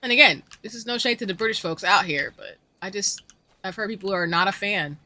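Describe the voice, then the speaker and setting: A woman's voice: medium pitch, fairly quick, sharp tone. A woman streaming a game, chatting casually and answering her chat in slangy, chatty talk. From United States.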